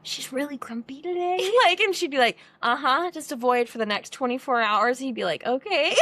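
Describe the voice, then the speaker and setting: A woman's voice: sits high, lively intonation, normal speed, fairly bright tone, no echo. A young woman co-hosting a podcast, chatting casually and laughing often as she retells family moments. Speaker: podcast co-host. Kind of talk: casual chat.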